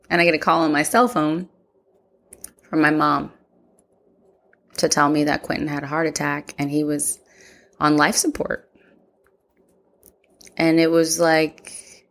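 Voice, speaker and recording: A woman's voice: deep voice, a bit bright. A woman telling a personal story in a reflective way, acting out remembered conversations. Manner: reflective, acts out remembered dialogue. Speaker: podcast host.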